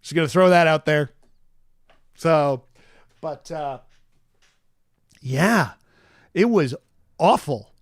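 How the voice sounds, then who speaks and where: A man's voice: fairly high pitch, lively intonation, takes it slowly, long pauses, no echo, clean studio sound. A man in his forties hosting a casual chat show, rambling through a personal story with lots of fillers and restarts. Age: 40s. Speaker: host.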